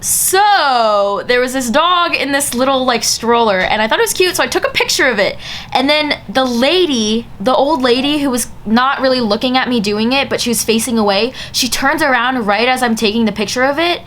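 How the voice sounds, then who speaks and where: A young woman recounting a casual storytime in a fairly high voice, chatty and filling her sentences with "like". A faint ambient hiss sits under her voice. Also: animated, normal speed, fairly bright tone. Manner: chatty, full of "like" fillers. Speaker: vlogger.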